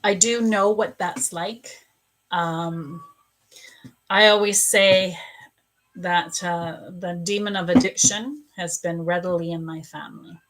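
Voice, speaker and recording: Woman doing a live psychic reading from home, takes her time, lots of ums, soft and sympathetic. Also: fairly low pitch, fairly even intonation. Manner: slow, halting, with many pauses and fillers; gently sympathetic. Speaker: spiritual coach and psychic medium. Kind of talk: live psychic reading answering viewers' questions.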